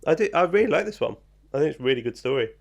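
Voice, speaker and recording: Man, podcast co-host, gravelly low edge, reads trivia casually with lots of ums and jokes. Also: lively intonation, racing. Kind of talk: casual chat.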